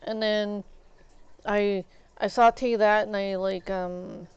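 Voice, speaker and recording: Slow rambling woman on a stream. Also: medium pitch, steady tone, clear, resonant tone, no echo. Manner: rambling, meandering asides. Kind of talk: casual chat while eating. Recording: dull lo-fi stream audio with faint music.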